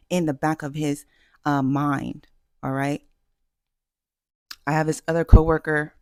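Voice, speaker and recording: A woman's voice: low voice, a little mellow, dry recording, studio quality. A woman vlogger giving dating advice in a casual, self-assured way, emphatic and full of fillers and restarts. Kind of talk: casual talking-head advice.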